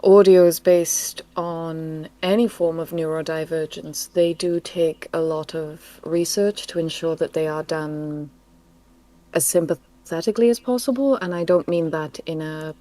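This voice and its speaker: A woman with a mellow, rather low voice speaks on a casual live stream. She explains her creative process thoughtfully and in measured phrases. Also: steady tone, dry recording. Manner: thoughtful, measured, laughs softly. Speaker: co-host and voice actress.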